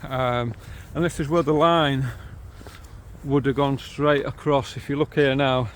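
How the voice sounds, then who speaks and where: A man's voice: medium pitch, fairly even intonation, unhurried, a little hiss or hum. A middle-aged man with a St Helens accent, chatting casually as he walks outdoors along canals and old railway lines, filming on a handheld camera. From St Helens, England. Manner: chatty, easygoing, cheerful about local sights. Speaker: vlogger guiding a railway walk. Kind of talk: casual walking-tour narration. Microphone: handheld camera while walking.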